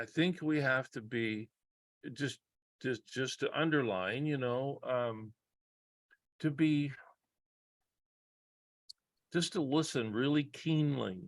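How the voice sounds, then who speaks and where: A man talks slowly and thoughtfully at a middle pitch, stopping often and starting his sentences over. He sounds earnest and careful. The sound is close and dry, with no room echo. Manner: halting, many restarts and pauses, earnest. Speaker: psychologist guest. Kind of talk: reflective conversation.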